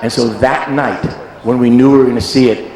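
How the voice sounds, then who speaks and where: A man's voice: mid-range voice, steady tone, brisk, in a large hall, crowd noise, poor audio. A man in his sixties telling a long, rambling anecdote, acting out voices and sounds as he digresses. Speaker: guest storyteller.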